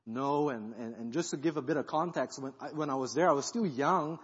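A guest pastor, a man, giving an animated sermon testimony and acting out the thoughts he is retelling. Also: medium pitch, a little fast, slightly rough. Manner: animated storytelling, acts out quoted thoughts. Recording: dull sound in a reverberant hall.

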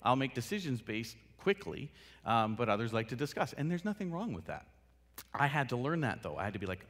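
In a hall with long reverb, a man at a workshop talks casually about listening skills at medium pitch and normal speed. He's animated, playing out little exchanges and chuckling at his own expense.

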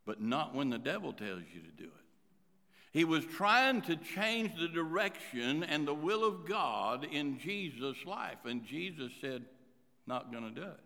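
A man preaching a sermon as pastor, swinging between loud emphasis and quiet asides. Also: a little high, big pitch swings, a little slow. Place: church sanctuary. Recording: reverberant church hall.

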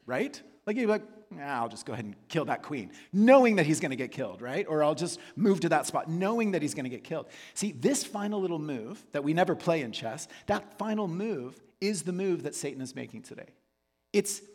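A male pastor with a slightly high, husky voice preaches in a relaxed, conversational way, often stopping to check that his listeners follow. His words ring out with the long reverb of a large church hall. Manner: conversational, asks the room "right?" often. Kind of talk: sermon.

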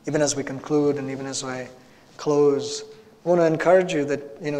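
Man preaching in a reverberant sanctuary. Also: on the high side. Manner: rising to forceful emphatic peaks, repeating phrases. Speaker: pastor. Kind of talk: sermon. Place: church sanctuary.

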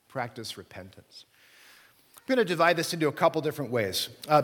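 Pastor preaching in a reverberant hall. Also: male voice, on the high side, a bit bright. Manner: conversational preaching with frequent "right?" and "okay?". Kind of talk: sermon.

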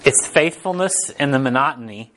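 A man preaching in a relaxed, chatty way to a group indoors. His pitch sits at an ordinary middle height. He wanders through his points and keeps asking his listeners to agree. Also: normal speed, slight background noise. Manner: rambling and informal, often checking in with the audience. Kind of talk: casual conversational sermon.

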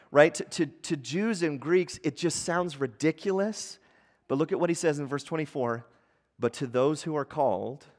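A man preaching a sermon with animated delivery, reading aloud with rising intensity. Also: on the high side. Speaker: pastor. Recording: long hall reverb.

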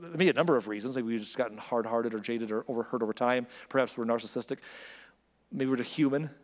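Man preaching in a reverberant hall. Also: a little high. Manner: conversational, earnest, acts out God's voice in quotes. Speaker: pastor. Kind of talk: sermon. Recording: long reverb of a large hall.

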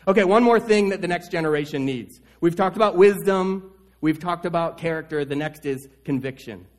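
A man preaching a Sunday sermon as pastor, telling stories with wide swings in pitch and loudness. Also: brisk.

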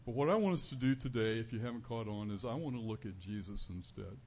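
A preacher in a church delivers an earnest, conversational sermon, growing louder to emphasize key points. His mid-range voice moves at a quick pace, and the recording is dull and lo-fi with faint room noise.

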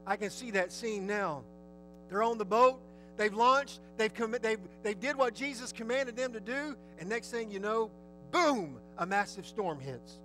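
Bright, high-voiced preacher. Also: male voice, a little slow, faint music behind, low-quality recording. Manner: lively, storytelling, asks the audience questions. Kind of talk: sermon.

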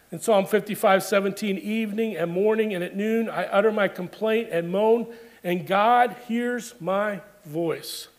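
A man with a high voice delivers a sermon. He speaks earnestly and with emphasis, and he builds each point by repeating phrases. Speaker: pastor.

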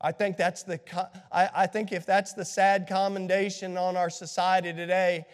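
High-voiced man preaching in a reverberant church. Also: flat delivery, normal speed. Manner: impassioned preaching, swings from hushed to shouting. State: scratchy throat from a cold. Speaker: pastor. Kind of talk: sermon. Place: church sanctuary. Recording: long reverb of a large hall.

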